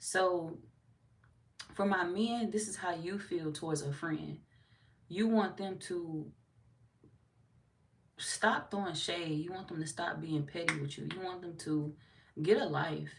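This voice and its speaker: A woman's voice: lowish voice, unhurried, creaky, pauses often, distant mic. A woman giving a casual tarot reading, talking bluntly with lots of cursing and acting out what other people say. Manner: blunt, profane, animated, slips into quoted voices. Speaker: tarot reader.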